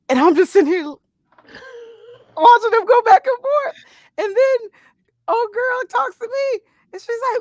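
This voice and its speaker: A woman in her thirties telling a story in casual, slangy chat, animated, laughing and swearing as she goes. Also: extremely high pitch, normal speed, long pauses, dry recording, clean studio sound. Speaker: podcast co-host.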